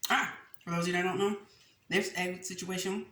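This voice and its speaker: A woman's voice: fairly low pitch, brisk. A young woman hosting a mukbang, chatting casually as she eats and laughing often. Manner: chatty and animated, laughs often, addresses viewers as y'all. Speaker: mukbang host. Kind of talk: casual chat while eating on camera. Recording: echoey room with faint noise.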